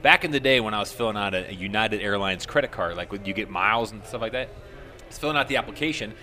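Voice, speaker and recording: A man co-hosting a podcast, telling a story in casual chat, animated and swearing freely as he acts out what others said. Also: on the low side, fast talker. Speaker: podcast co-host.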